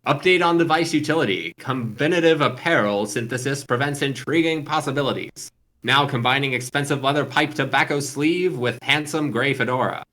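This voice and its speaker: A man's voice: medium pitch, a little fast, pushed and bright, natural voice. A man reading as a stiff, clipped formal dad. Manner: clipped, telegram-like formal phrasing. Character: stiff formal father writing clipped notes. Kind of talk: reading a webcomic aloud on stream.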